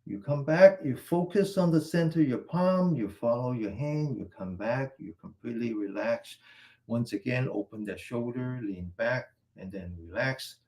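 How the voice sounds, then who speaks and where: Gravelly-voiced man leading qigong stretches. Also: medium pitch, moderate pace. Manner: calm step-by-step cueing of movements and breathing. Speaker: qigong instructor. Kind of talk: guided exercise class instruction.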